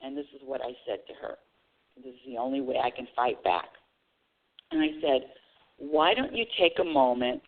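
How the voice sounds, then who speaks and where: A woman's voice: a bass voice, normal speed. A woman hosting a spiritual talk radio show, telling a story straight to her audience with lots of restarts and repeated words. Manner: animated storytelling, addresses audience directly. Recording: narrow phone-like radio sound.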